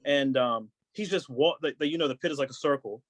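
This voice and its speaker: A man, a podcast guest, telling a long story in casual chat, acting out what others said with lively voices. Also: mid-range voice, a little fast, no echo. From United States. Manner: animated storyteller acting out quotes.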